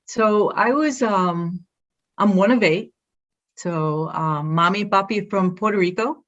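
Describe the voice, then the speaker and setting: A woman's voice: mid-range voice, measured pace, lo-fi sound. A woman from Brooklyn with a Brooklyn accent, proudly telling her story as an interview guest. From Brooklyn, New York. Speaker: guest, athletic director. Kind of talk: casual interview.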